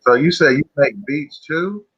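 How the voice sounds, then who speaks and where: A man co-hosting a podcast, asking relaxed, slangy questions in casual chat. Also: on the high side, normal speed, husky, dull audio. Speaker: podcast co-host.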